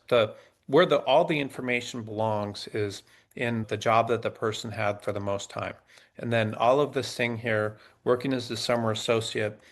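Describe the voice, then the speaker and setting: A man's voice: medium pitch, creaky. A middle-aged man hosting a resume workshop webinar, thinking aloud and restarting often as he types prompts on screen. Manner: halting, restarts while typing prompts on screen.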